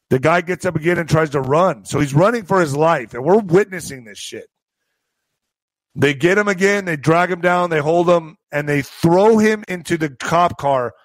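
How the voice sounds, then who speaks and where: A man telling a profane story to his video audience, animated and full of spoken sound effects. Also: fairly high pitch, no echo, low-quality recording. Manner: slips into a Spanish-accented put-on for quoted locals. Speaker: vlogger and author telling stories. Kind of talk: casual storytelling to camera.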